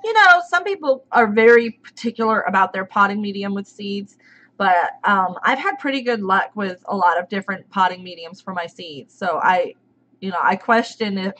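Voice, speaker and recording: A woman's voice: mid-range voice, a bit bright. A woman hosting a casual live stream, chatting and reading out viewers' names as they come in. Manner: chatty, greets viewers by name.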